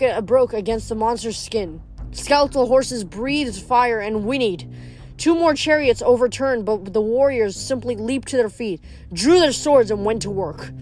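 A woman reading a novel aloud in a plain, steady way, stumbling now and then and correcting herself. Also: fairly high pitch. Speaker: audiobook reader.

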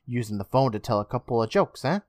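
A sly, cold old jailer, put on by a man speaks low and hushed, in a plain middle pitch. The sound is dry and close, with no room around it. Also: expressive, fast talker, dry recording, close to an everyday voice. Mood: sly menace.

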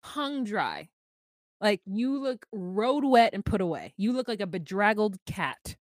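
A woman's voice: mid-range voice, expressive, no room sound, clean studio sound. A woman co-hosting a podcast, giving a blunt, sassy recap of a reality TV episode in casual chat. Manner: sassy, blunt, quick put-downs. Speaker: podcast co-host.

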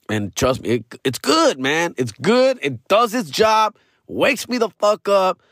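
Animated, profane man ranting with a lively voice. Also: high voice, a little slow, no echo, studio quality. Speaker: podcast host. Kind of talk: comedic storytelling rant.

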